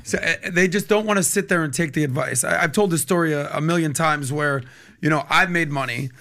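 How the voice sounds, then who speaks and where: An American podcast host with a rather high, sharp voice talks briskly in a casual interview chat. He's eager and enthusiastic, tossing out jokes and firing questions at his guest.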